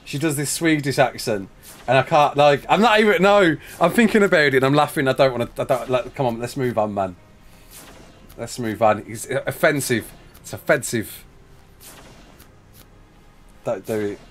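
Lively chatty British man streaming. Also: medium pitch, moderate pace, pauses often, faint music behind. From United Kingdom. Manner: chatty, laughs often, calls people mate and man. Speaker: live-streamer. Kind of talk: casual live-stream chat answering viewers.

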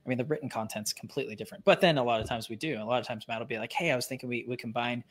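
A man's voice: mid-range voice, steady tone, fairly bright tone. A man co-hosting a live online lesson in casual chat, acting out quoted reactions. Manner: fast, chatty, acts out quoted reactions. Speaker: co-host.

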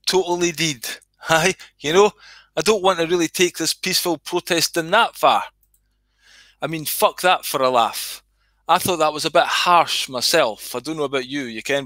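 A man's voice: a little high, pushed and bright, no room sound. A middle-aged Scottish man reading his comedy skit aloud on a livestream, swearing freely and chatting to viewers.

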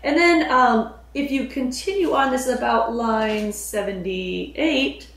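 A woman with a slightly high voice gives a literature lesson. She paraphrases the verse in plain words, stopping on fillers as she works through each line. The room around her rings with echo. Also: slow pace, fairly bright tone, distant mic. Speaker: literature teacher. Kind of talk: lecture on a poem. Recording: echoey room.

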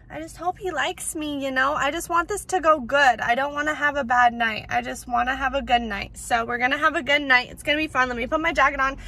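Bubbly high-voiced young woman vlogging. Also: pushed and bright. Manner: chatty, bubbly, says "like" a lot. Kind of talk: casual vlog chat to camera. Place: home and car.

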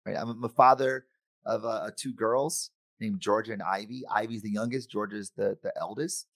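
A middle-aged man giving a conference keynote, animated and acting out the voices of friends and himself. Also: fairly low pitch, moderate pace, no room sound, studio quality. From United States. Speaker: conference speaker. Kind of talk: keynote talk.

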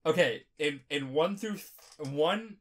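A drunk young man co-hosting a podcast, rambling and swearing, and bursting into loud playacting. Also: fairly high pitch, animated, slow. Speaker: podcast co-host. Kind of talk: casual podcast chat.

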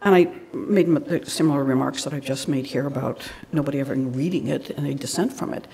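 A woman's voice: extremely low pitch, brisk, creaky, background noise. A woman giving a public lecture, telling stories in a conversational way with frequent asides.

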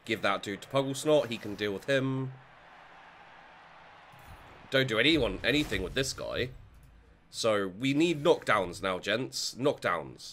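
A man's voice: medium pitch, very animated, measured pace, long pauses, a bit bright, a little hiss or hum. A man talking through his own game as he plays, thinking aloud and swearing freely. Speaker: gaming channel host. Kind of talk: let's play commentary.

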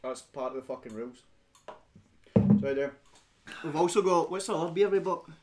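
A man's voice: on the high side, fairly quick, a little mellow, faint music behind. A young Scottish man hosting a casual beer-drinking stream, full of rowdy, sweary banter. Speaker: stream host. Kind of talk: casual chat.

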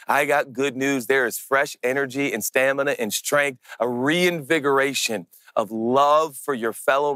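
A man preaching a sermon as pastor, earnest and intimate, slowing down to press on key words. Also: mid-range voice, fairly bright tone, no echo.

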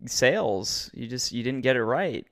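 A man's voice: medium pitch, animated, a little slow. An American man hosting a podcast over a call, chatting casually and teasing his co-hosts. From United States. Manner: teasing, joking banter. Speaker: podcast host. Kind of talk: casual chat. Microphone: video call.

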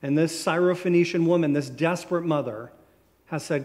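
Pastor preaching in a reverberant church. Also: male voice, a little high. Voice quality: conversational, warm storytelling delivery with slow emphatic phrases. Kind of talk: sermon. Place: church sanctuary.

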